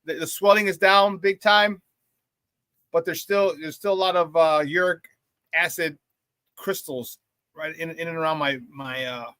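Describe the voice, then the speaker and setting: A male morning sports radio host talking in a loose, hyped-up, slangy way. His voice is fairly high and bright. He is recorded in a dry studio close to the mic. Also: no echo. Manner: energetic, slangy hype. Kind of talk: casual morning sports talk.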